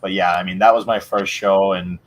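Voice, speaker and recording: A man with a low voice tells stories in a relaxed podcast chat. He teases, swears freely and often breaks into laughter. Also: brisk. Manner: laughs easily, profane and teasing. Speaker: podcast co-host. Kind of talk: casual chat.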